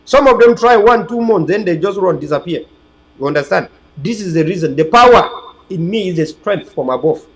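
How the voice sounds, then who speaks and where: A man's voice: sits high, lively intonation, normal speed, rough recording. A man, hosting an online political channel in a rambling, preachy, emphatic livestream monologue to his viewers.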